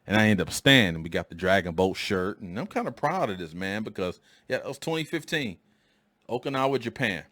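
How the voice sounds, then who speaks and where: A man in his forties hosting a podcast, telling a story in a casual, slangy way and acting out quoted lines in a higher voice. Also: big pitch swings, fairly quick, pushed and bright, no echo. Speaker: podcast host. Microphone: studio microphone.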